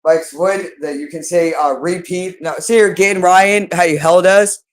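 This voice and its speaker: A woman's voice: lowish voice, steady tone, moderate pace. Woman vlogger, heated accusatory monologue, coarse and rambling. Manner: agitated, accusatory, profane ranting. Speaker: channel host. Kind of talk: unscripted monologue to camera.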